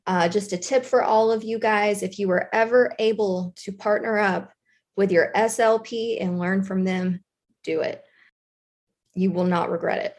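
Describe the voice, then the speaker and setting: A woman with a Southern US accent telling a school story in a casual chat, animated and chatty with plenty of fillers. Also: medium pitch, a little slow. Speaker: guest storyteller, former intervention specialist.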